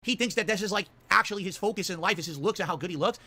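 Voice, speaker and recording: A man with a high, bright, tense voice rants at breakneck speed. He is scornful and profane and keeps piling on insults. His rant is played back from his livestream. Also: racing. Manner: loud, scornful, profane ranting. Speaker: streamer being reacted to. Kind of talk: ranting commentary.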